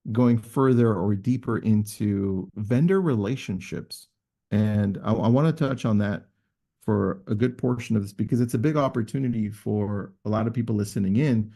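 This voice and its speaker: A male host running an online interview, joking and bantering with his guests. His voice is mellow, with a middle pitch. He talks in an upbeat, playful way. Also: gravelly. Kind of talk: live video call interview.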